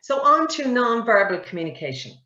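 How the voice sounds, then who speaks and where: A woman, a communication coach giving a lively webinar lesson and quizzing her audience. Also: on the high side, fairly quick. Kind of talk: webinar teaching. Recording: roomy, dull webinar audio.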